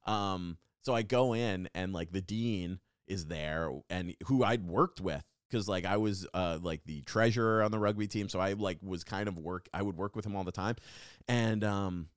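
A young adult man hosting a podcast, telling a comedic story in a rambling, animated way full of fillers and restarts. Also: deep voice, moderate pace, clear, resonant tone, dry recording, studio quality. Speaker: podcast host.

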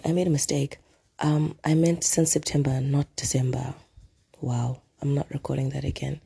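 A podcast host chatting casually on their own, hoarse from a throat illness, rambling with lots of ums and asides. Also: medium pitch, mellow. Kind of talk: casual solo podcast chat. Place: at home.

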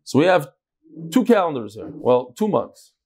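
A man's voice: moderate pace, breathy edge. A man teaching a daily Talmud class, asking questions aloud and mixing untranslated Aramaic and Hebrew terms into his English. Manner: animated, leaps between loud questions and low asides.

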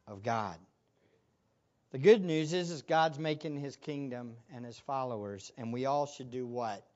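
A man's voice: medium pitch, unhurried, a little mellow. Earnest male pastor preaching, dull recording. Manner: earnest, rhetorical questions to the congregation. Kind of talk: sermon.

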